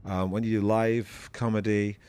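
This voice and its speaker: A male comedian answering interview questions in a thoughtful, halting way, with many restarts and repeated words. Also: on the low side, level tone, darkish tone, smooth.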